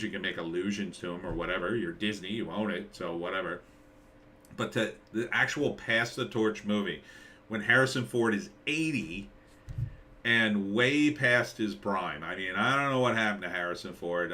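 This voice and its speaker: A man's voice: on the low side, pushed and bright, a little hiss or hum. A middle-aged man hosting a live stream, rambling sarcastically and reading out chat comments. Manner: rambling, sarcastic, reads chat names aloud.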